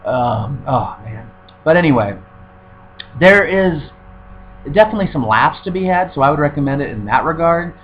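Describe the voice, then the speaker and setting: A man's voice: on the high side, expressive, moderate pace. A man giving a sarcastic, profane, rambling review of a film in casual chat, full of fillers. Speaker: movie reviewer. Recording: dull recording with faint hum.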